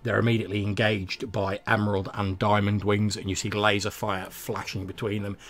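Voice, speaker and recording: A man narrating a tabletop space adventure as game master, in a measured, descriptive way. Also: on the low side, little pitch movement, a bit bright, faint music behind.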